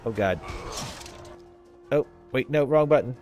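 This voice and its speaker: A man's voice: medium pitch, lively intonation, a little slow, dull audio, faint music behind. A man casually commenting while playing a game, chatting wryly and thinking aloud. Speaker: let's play commentator.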